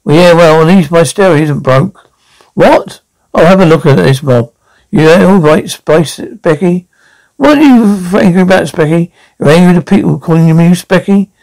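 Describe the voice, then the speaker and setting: For a TV sketch, a woman plays a brash, foul-mouthed old London nan who mockingly heckles, taunts, and calls everyone names, rude and cheeky throughout. Her voice is lowish, a little mellow, and close to everyday speech at a moderate pace, captured on poor audio.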